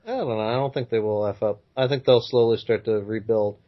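Easygoing male podcast co-host, lo-fi sound. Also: fairly low pitch. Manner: easygoing, measured, often hedges with "I think". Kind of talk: casual chat. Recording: dull lo-fi sound.

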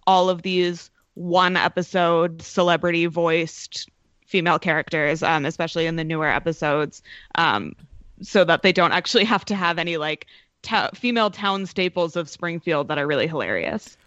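A woman's voice: fairly low pitch, moderate pace, fairly bright tone, no room sound, highs cut off. A woman in a casual podcast discussion, thinking aloud with many filler words and restarts. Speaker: podcast panelist.

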